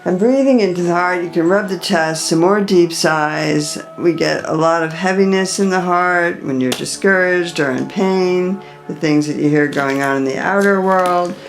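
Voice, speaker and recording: A woman teaching a guided chakra meditation, giving slow, soothing instructions between chanted mantras. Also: fairly low pitch, faint music behind.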